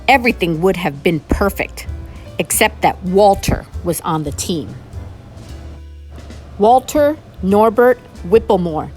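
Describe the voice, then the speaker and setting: A woman reading a children's picture book aloud in an animated, expressive storytelling manner. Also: mid-range voice. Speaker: storybook reader.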